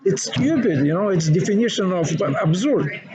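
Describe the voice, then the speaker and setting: Man, Russian accent, animated, laughing, former teacher, dull recording, crowd noise. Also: high voice, normal speed. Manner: animated, laughs often, broken English. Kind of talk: casual conversation.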